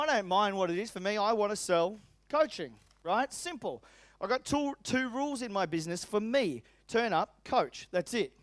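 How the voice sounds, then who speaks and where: A man with an Australian accent giving an energetic, emphatic motivational seminar talk as a business coach, repeating his key phrases. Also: high-pitched, no echo. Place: seminar room with tables.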